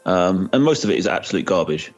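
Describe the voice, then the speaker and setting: A man with a very low voice, talking fast and offering opinions in casual podcast banter. Soft music plays faintly in the background. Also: expressive, dull audio. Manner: quick, opinionated, dry. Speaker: podcast co-host. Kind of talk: casual chat.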